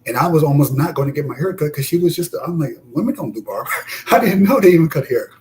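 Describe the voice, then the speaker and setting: A man's voice: quick pace, slight background noise, poor audio. A man from Detroit, animatedly telling a story in casual chat. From Detroit, USA. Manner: animated, acts out quotes with rising pitch. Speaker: discussion guest.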